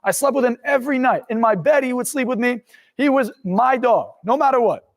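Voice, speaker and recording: A motivational speaker and hypnotist in his twenties, with a very high voice and a brisk delivery, narrates his own life to camera. He's intense and blunt and swears a bit, and long reverb hangs in the room.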